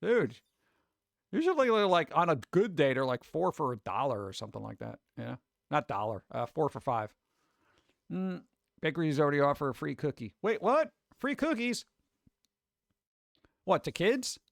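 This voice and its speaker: Male stream host, high voice, dry close sound, chatty and rambling. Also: sing-song, normal speed, vocal fry, pauses often, no room sound. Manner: rambling, acts out other people's voices. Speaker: livestream host. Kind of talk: casual stream chat.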